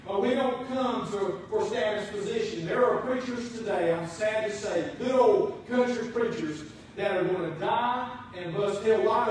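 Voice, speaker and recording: A man preaches in a big echoing church, his high voice carrying from a distance. He drives points home, rising loud, then dropping almost to a hush. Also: a little hiss or hum. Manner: emphatic preaching, swings between loud and soft. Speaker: pastor. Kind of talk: sermon. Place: church sanctuary. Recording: very echoey, from a distance.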